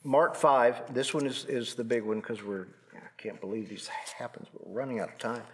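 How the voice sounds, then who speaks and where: A man's voice: mid-range voice, normal speed, a little hiss or hum. A man leading a Bible class, teaching animatedly with many restarts and repeats.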